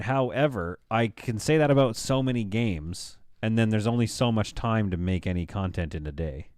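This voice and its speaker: Rambling thirties male streamer, deep voice, dry and close. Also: lively intonation, normal speed, a little mellow, dry recording. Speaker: live streamer. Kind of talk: casual live-stream chat while building.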